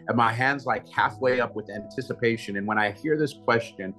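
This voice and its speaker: A man telling a personal story as an interview guest, animated and acting out what others said. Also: medium pitch, fairly quick, faint music behind. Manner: animated storyteller, repeats "he said" while acting out quotes. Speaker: prophet and guest speaker.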